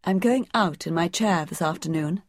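A woman's voice: on the low side, normal speed, no room sound, studio quality, lightly acted. A woman voicing a sickly, imperious young boy who gives lordly commands in a storybook reading.

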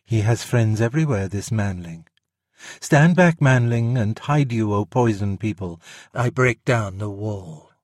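A man voicing a great old python in a storybook reading, speaking slowly and low. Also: no echo, studio quality. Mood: sly. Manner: slow, low and hushed.

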